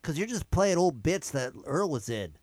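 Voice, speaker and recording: A man's voice: fairly high pitch, very animated, normal speed, darkish tone, dry recording. A man heckling the host with dry, sarcastic comments in casual banter. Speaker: studio co-worker.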